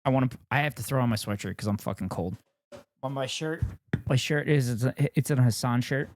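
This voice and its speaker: A man's voice: medium pitch, brisk, no room sound. A man streaming live, casually reacting and joking with plenty of swearing. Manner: profane, animated and joking.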